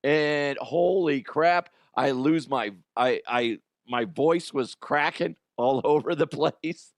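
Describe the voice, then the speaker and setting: A middle-aged man and show host telling a story in an animated way, jumping from loud outbursts to quiet asides. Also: mid-range voice, takes it slowly, no echo. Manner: excitable, swings from loud shouts to quiet asides.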